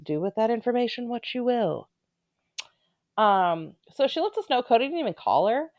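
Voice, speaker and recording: A woman's voice: fairly high pitch, sing-song, moderate pace, darkish tone, no room sound, dull audio. A woman giving casual, opinionated commentary on a reality show, with blunt, sarcastic asides.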